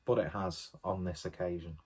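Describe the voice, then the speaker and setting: A man's voice: low-pitched, fairly even intonation, normal speed, husky. A man giving a casual solo beer review, chatty and enthusiastic, often rambling off on tangents.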